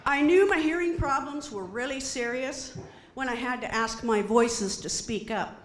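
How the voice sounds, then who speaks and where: A middle-aged woman performing a stand-up comedy set, animated and acting out quoted voices. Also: high-pitched, normal speed, echoey room, a little hiss or hum. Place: comedy stage before an audience.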